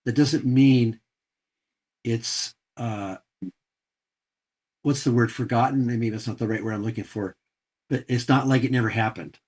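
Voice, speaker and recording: A man's voice: medium pitch, steady tone, measured pace, pauses often, a little mellow. A man in a casual podcast discussion about recovery, thinking aloud and searching for the right words.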